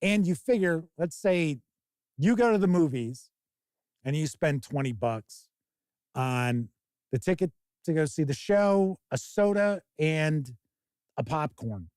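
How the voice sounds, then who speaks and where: Brief: male stream host, slightly high voice, dry close sound, rambling and casual, swears freely. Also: slow pace, no room sound. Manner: rambling, profane, animated mock quotes. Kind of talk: casual live-stream talk.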